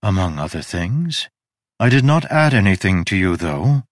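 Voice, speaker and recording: A man voicing an ageless goddess, measured and faintly wry, in an audiobook reading. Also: deep voice, big pitch swings, no echo, studio quality. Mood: calm, frank. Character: ageless woman goddess, cool and frank.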